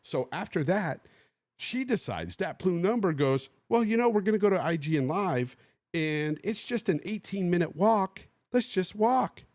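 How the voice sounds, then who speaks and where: Male podcast host from the Bay Area. Animated casual storyteller who acts out quotes. Lively pitch, dry sound. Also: normal speed, dry recording. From Bay Area, USA.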